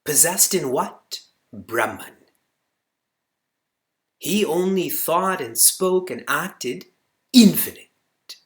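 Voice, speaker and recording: A man giving a spiritual discourse to students as their teacher, animated and rising sharply on key words, reciting Sanskrit slowly and asking the room short check-in questions. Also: on the high side.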